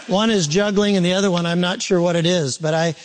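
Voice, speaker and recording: A man preaching a sermon to a congregation in an animated, conversational way, repeating points and turning to asides. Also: high-pitched, fast. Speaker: pastor.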